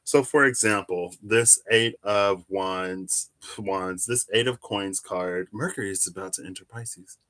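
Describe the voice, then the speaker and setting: Bright-voiced rambling male tarot reader. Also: lowish voice, measured pace, hardly any pauses, no echo. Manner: rambling, self-correcting, chatty. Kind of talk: casual tarot reading vlog.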